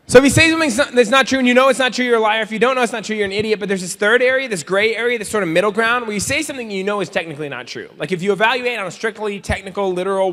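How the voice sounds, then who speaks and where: A man with a high, bright voice talks quickly in a comedic motivational keynote for students, joking and acting out little scenes as he tells his stories. A large convention hall gives his words a long reverb.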